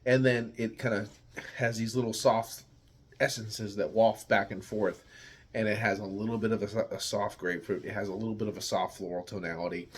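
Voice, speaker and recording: A man's voice: lowish voice, flat delivery, normal speed. A man from the United States giving a casual, rambling beer tasting review, searching for words and swearing now and then.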